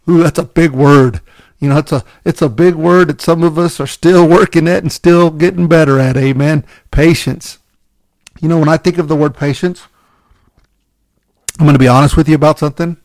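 A male preacher with a gravelly, creaky voice that sits a little high, recorded close and dry. He talks to his listeners in a candid, self-deprecating way, starting sentences over and asking "right?" as he goes. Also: fairly even intonation, moderate pace, darkish tone, dry recording. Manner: candid, self-deprecating, many restarts and "right?" check-ins. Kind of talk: conversational sermon.

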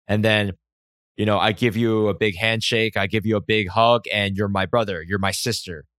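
A man's voice: medium pitch, fairly bright tone, clear, resonant tone, dry recording, studio quality. A man hosting his own podcast, talking alone in a rambling, self-reflective way with frequent swearing. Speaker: podcast host. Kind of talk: solo podcast monologue.

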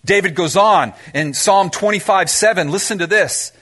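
A pastor with a high-sitting, slightly bright voice preaches a sermon at a normal speed. He poses rhetorical questions to the congregation and mixes in humorous asides.

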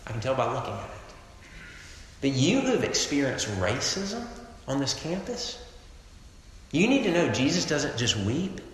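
A man's voice: medium pitch, sing-song, moderate pace, pauses often. Man preaching in an echoey hall. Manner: emphatic preacher, swinging from loud to hushed. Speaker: pastor. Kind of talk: sermon. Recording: echoey hall, long reverb.

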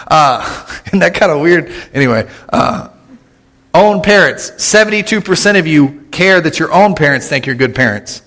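A man, preaching a casual, humorous sermon as a pastor, chatty and quick with jokes and asides. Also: on the high side, expressive, fairly bright tone. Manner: joking, conversational, with quick asides and laughs. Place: church sanctuary. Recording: long hall reverb in a church.

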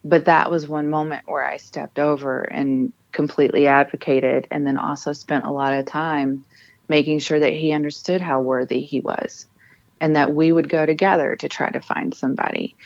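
A woman's voice: low voice, fairly even intonation, moderate pace, creaky, lo-fi sound. A woman in her thirties, a military spouse and author, telling her family's story with earnest emotion and frequent restarts. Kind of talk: personal storytelling in an interview.

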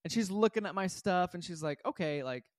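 A young man telling a personal story in a casual, animated way, acting out his own reactions and often asking "right?". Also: sits high, brisk, no echo, studio quality. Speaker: vlogger.

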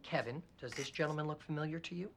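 An actor playing a calm male therapist who explains things in a measured, matter-of-fact way, from a TV clip. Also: a little high, vocal fry. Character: calm clinical male therapist, middle-aged. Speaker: mental health doctor. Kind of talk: TV sitcom dialogue. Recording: TV clip with ambient background noise.

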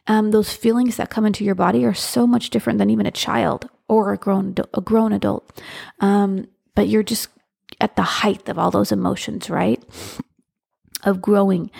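A woman's voice: mid-range voice, creaky, mellow. A woman hosting a podcast, speaking earnestly in casual solo talk, with frequent restarts as she tells a personal story. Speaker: podcast host.

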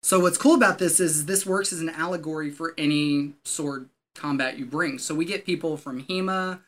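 Bright-toned man, casual guest, chatty and rambling, lots of "um" and "like". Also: a little high, moderate pace. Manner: rambling, many fillers and restarts. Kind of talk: casual storytelling.

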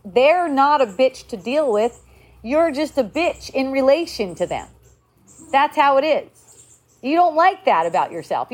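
A woman's voice: a little high, a little mellow. A woman giving a casual spiritual talk, loose and conversational, with frequent fillers and blunt swearing.

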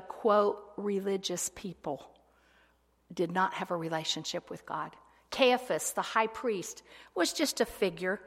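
Woman preaching in a reverberant hall. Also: fairly low pitch. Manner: dramatic, swings between loud proclamation and hushed whispers. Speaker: speaker. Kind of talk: sermon.

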